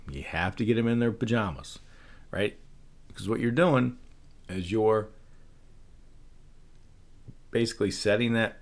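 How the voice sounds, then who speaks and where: A man hosting a casual solo podcast, speaking loosely with frequent fillers and rhetorical questions. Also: sits low. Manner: loose and conversational, many fillers, rhetorical "right?". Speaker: podcast host. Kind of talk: casual solo talk on persuasion and parenting.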